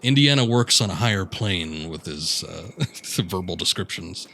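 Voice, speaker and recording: A man's voice: deep voice, lively intonation, moderate pace, creaky, sharp tone, slight background noise. A man streaming a video game, giving laid-back, jokey commentary and laughing often. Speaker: gaming streamer. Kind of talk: casual let's-play commentary. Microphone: headphones and desk mic.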